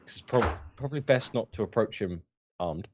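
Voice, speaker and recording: A man's voice: fairly low pitch, lively intonation, normal speed, darkish tone, husky, highs cut off. A man playing a tabletop game, talking in hesitant stops and restarts. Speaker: player.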